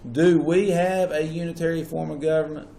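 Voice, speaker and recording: A man's voice: fairly high pitch, flat delivery, normal speed, gravelly, mellow. A man teaching a class, explaining step by step and often asking students whether they follow. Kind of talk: classroom lecture. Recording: echoey classroom with faint hum.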